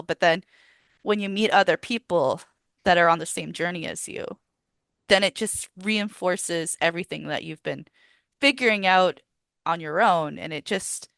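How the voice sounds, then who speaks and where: Low-voiced woman, enthusiastic podcast guest. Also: normal speed, vocal fry, a bit bright, no echo. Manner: earnest, enthusiastic, repeats words. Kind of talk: casual chat.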